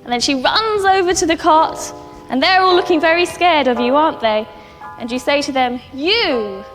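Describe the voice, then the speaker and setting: A woman teaching a ballet class to children, giving patient, clear step-by-step instructions in a dance studio. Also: sits high, a little fast, fairly bright tone. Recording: reverberant studio hall with music.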